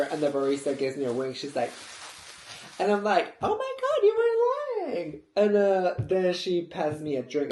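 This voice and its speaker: A man tells a story in a chatty, gossipy way, filling it with "like" and jumping into high squeals for the quotes. The room around him rings with echo. A faint hiss sits under the voice. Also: darkish tone. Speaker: vlogger. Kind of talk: casual storytelling. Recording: roomy echo with faint noise.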